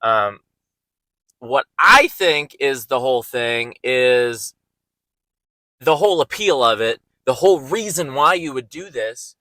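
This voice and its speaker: Rambling, excitable man with a bright voice. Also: takes it slowly, no room sound, rough recording. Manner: rambling, excitable pitch with frequent ums and restarts. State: out of breath. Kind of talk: comedic rant.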